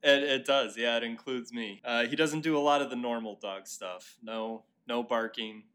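A man appearing as a guest on a casual podcast, friendly and a little halting as he talks. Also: medium pitch, fairly bright tone, clean tone. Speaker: podcast guest, dog owner. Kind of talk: casual chat.

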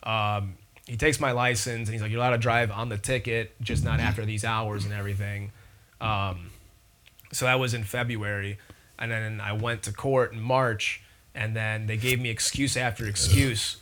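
A man's voice: lowish voice, normal speed. A young man casually telling a long story, rambling and profane, acting out the people in it. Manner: rambling, profane, animated retelling. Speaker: podcast guest.

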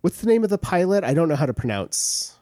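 A man's voice: a little high, sing-song, fast, warm tone, no echo, studio quality. A man co-hosting a podcast, talking casually about a novel in a rambling way with many fillers and restarts. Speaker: podcast co-host. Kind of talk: casual book discussion.

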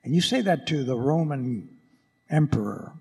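Gravelly priest preaching in a big church. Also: male voice, mid-range voice, moderate pace. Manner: animated, dramatic, storytelling. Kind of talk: Christmas Eve homily. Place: large church. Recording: echoey church with long reverb.

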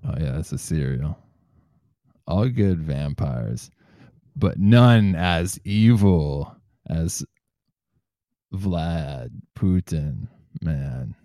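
Low gravelly laid-back man. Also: animated, very slow, long pauses, warm tone, dry recording, clean studio sound. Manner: laid-back, swears freely, reads news quotes aloud. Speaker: podcast host. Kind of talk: casual comedic chat.

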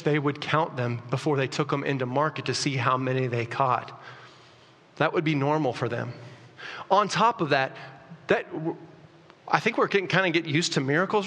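A man preaching a sermon as a pastor, conversational and animated, often restarting his sentences. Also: sits high, long reverb tail. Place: church.

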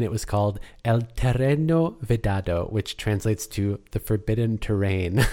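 A man's voice: mid-range voice, a little mellow. A man co-hosting a casual chat about a film, talkative, laughing often and trailing off mid-sentence. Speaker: podcast co-host.

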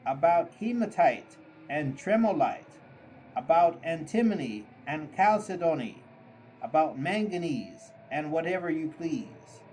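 Slow, measured male audiobook reader. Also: a little high, a little mellow, a little hiss or hum, low-quality recording. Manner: slow, deliberate storybook delivery. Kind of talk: scripted narration.

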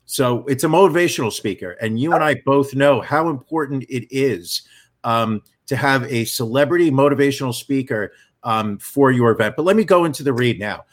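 A middle-aged man co-hosting a casual podcast, chatting and bantering. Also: moderate pace. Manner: booming mock radio-announcer voice. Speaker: podcast co-host.

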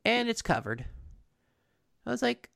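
On the high side and very animated, this woman's gravelly, fairly bright voice moves a little slowly. She co-hosts an easygoing chat, recounting a cartoon episode in a meandering, filler-laden way that keeps restarting.

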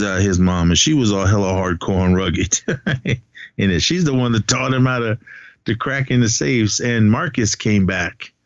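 A man's voice: lowish voice, dry recording. A man recaps a film for his co-host in a loose, rambling way. He laughs often and acts out the characters' lines as he goes. The sound is dry and a bit dull. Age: adult, has a son. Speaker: podcast co-host. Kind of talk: casual movie recap chat.

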